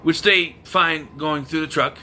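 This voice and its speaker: A man's voice: on the high side, fairly even intonation, unhurried, bright, forceful tone, a little hiss or hum. A young man reviewing a film in a casual video, talking in an exasperated, sarcastic rant. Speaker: movie reviewer.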